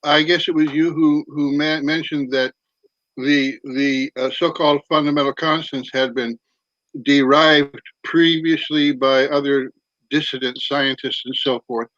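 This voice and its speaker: A middle-aged man chatting as a guest on a video call, halting with many restarts. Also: fairly high pitch, fairly even intonation, a bit bright, no echo, muffled recording. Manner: halting, many restarts, eating while talking. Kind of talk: casual video-call chat.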